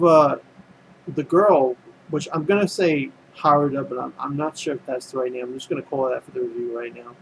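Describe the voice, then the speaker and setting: A man's voice: medium pitch, gravelly, slight background noise, poor audio. A man casually recapping an anime episode, rambling and full of fillers and restarts. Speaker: anime reviewer.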